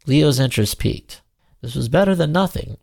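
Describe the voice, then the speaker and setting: Gravelly man narrating a storybook. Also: fairly high pitch, animated, normal speed, darkish tone, no room sound, clean studio sound.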